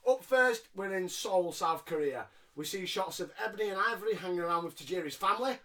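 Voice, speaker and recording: A man's voice: high-pitched, expressive, brisk, pushed and bright. A man co-hosting a podcast, recapping wrestling in a sarcastic, jokey, swearing way. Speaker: podcast co-host. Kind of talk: casual wrestling recap chat.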